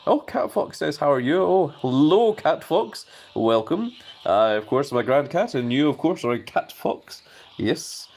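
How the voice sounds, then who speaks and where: A man's voice: mid-range voice, a little mellow. A man hosting a live stream, chatting casually and reading viewer messages aloud.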